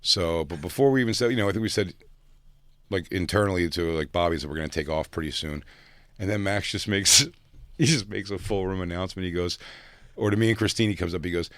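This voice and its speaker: A man with a somewhat low-pitched voice co-hosts a podcast in relaxed, casual chat. He tells long, rambling stories full of crude jokes and often breaks into laughter as he talks. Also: fast, no room sound. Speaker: podcast co-host.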